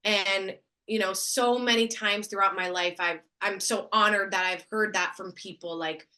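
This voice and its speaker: A woman being interviewed as a guest on a video call, talking in an enthusiastic, expressive way. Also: medium pitch, moderate pace. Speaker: guest, actress and speaker. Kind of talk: casual interview.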